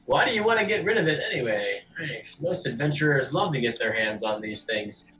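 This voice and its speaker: A man's voice: mid-range voice, animated, fairly quick, a bit bright, echoey room, far from the mic, slight background noise, lightly acted, poor audio. A man voicing a lazy, shrewd male orc merchant who haggles dismissively. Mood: haggling.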